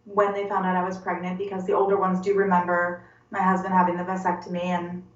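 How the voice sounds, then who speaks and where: A woman in her forties giving a personal testimony in an interview, halting and earnest, often repeating words as she searches for them. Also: lowish voice, completely flat delivery. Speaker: interview guest. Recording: roomy, distant and dull-sounding.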